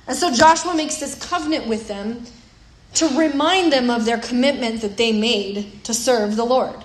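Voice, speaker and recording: A woman's voice: fairly high pitch, moderate pace. A woman preaching a sermon in a conversational way, often repeating words as she thinks aloud. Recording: roomy echo with faint noise.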